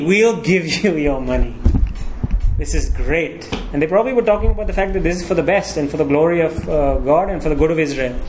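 A man's voice: on the high side, darkish tone, a little hiss or hum, rough recording. A pastor preaching a sermon, walking his congregation through scripture with frequent rhetorical questions.

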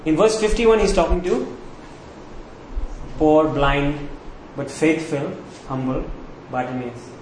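A man's voice: on the high side, slow, darkish tone. A man preaching a sermon, asking rhetorical questions and repeating key words for emphasis. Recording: echoey room, faint background noise.

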